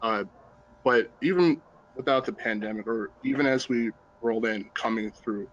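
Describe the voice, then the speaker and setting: A young adult man hosts a student panel over a video call, introducing the guests earnestly and politely. His voice is mid-range and his speed normal, though the recording has its highs cut off.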